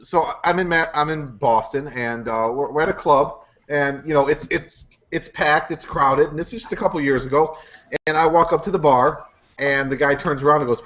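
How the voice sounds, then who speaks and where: A man's voice: fairly high pitch, moderate pace, fairly bright tone. A young man on a podcast, ranting and telling a story full of swearing in casual chat. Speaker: podcast co-host.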